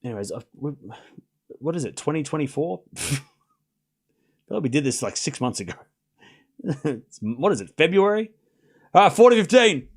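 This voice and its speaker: A man calling a tennis match live for his stream, excitable and chatty, chuckling between points. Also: mid-range voice, moderate pace, long pauses, slightly rough. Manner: excitable play-by-play, chatty, laughs often. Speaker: streamer host. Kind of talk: live watchalong commentary.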